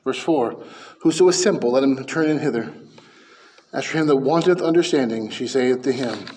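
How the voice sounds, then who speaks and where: A man preaching a sermon as pastor, fervent and emphatic, dropping to hushed lines and rising to loud peaks. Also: medium pitch, moderate pace, a little hiss or hum.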